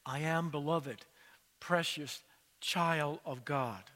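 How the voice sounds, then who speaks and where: A preacher quoting a frail, soft-spoken homeless woman. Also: on the high side, takes it slowly, long reverb tail. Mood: soft, tender. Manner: soft, quiet repetition.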